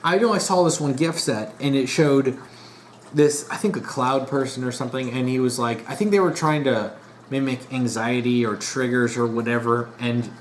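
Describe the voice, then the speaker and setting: Casual monologue, frequent restarts, fed-up tone, middle pitch, faint noise. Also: normal speed. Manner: rambling, frequent restarts and fillers; exasperated, disappointed. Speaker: vlogger.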